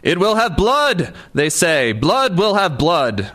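A man's voice: sits high, sing-song, takes it slowly, a bit bright, pitched above the performer's own voice, heavily acted. A man voicing a feverish, melodramatic young man who bellows his lines. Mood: theatrical.

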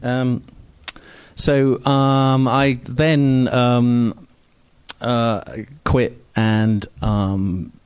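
A man's voice: medium pitch, flat delivery, drawn-out words, clear, resonant tone, no echo. A man telling stories in an interview, rambling and self-deprecating, with frequent ums and restarts. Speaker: novelist guest. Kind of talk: casual anecdotal interview talk.

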